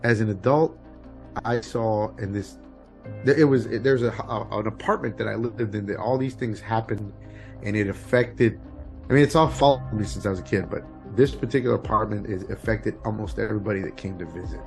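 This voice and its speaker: A man hosting a casual podcast, talking in a relaxed, halting way with frequent restarts. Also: lowish voice, vocal fry, soft background music. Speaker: podcast host.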